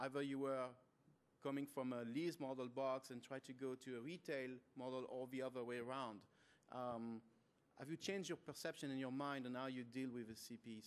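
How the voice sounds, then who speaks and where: A man moderating a conference panel, calmly setting up questions for the panelists. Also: medium pitch.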